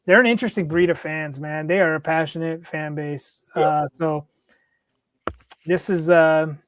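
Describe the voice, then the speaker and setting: A man's voice: a little high, normal speed, no echo. A man in his thirties co-hosting a casual sports podcast, telling stories and acting out quotes. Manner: animated storyteller, acts out quotes. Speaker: podcast co-host.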